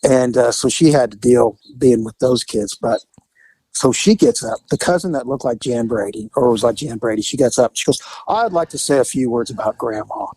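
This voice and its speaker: A man's voice: normal speed, slightly rough, dry recording, poor audio. A man co-hosting a podcast, telling a family story in casual chat and acting out the people in it. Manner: animated storyteller, acts out quotes in high voices. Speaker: podcast co-host.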